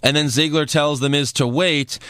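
A man's voice: a little high, steady tone, moderate pace, sharp tone, clean tone, no echo, clean studio sound. A man co-hosting a wrestling podcast, recapping shows in casual, sarcastic chat and often laughing.

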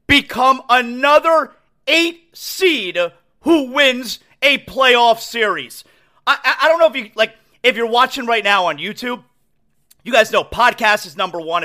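A man hosting a sports talk podcast, his voice very high and bright. He talks with raw emotion and keeps stumbling over repeated words. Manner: emotional, stammering restarts. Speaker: podcast host. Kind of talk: excited solo sports talk.

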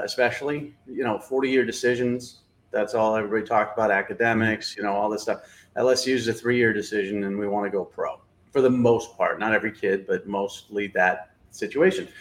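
A man giving blunt, opinionated college football analysis in casual talk, with plenty of fillers. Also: on the low side. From New England.

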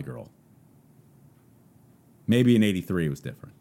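This podcast host from Southern California drifts through a casual solo monologue, rambling loosely with plenty of fillers. His voice is on the low side and a little mellow, with lively intonation, a slightly slow pace, and long pauses.

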